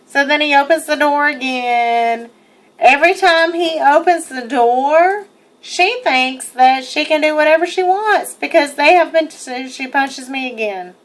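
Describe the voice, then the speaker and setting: Over video of her arrest, a young woman tells her own story in an unhurried, high-sitting voice. She is indignant and emphatic, cursing freely as she goes.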